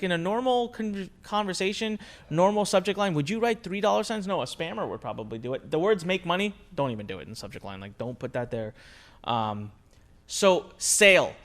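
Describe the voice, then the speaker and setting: A man with a somewhat high voice teaches a recorded marketing lesson. He talks in an energetic, conversational way, leaning hard on key words and throwing out rhetorical questions. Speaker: online marketing instructor.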